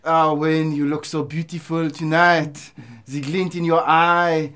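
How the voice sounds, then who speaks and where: A man's voice: a little high, level tone, unhurried, a bit bright, smooth. A man doing a crooning romantic Frenchman. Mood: flirtatious.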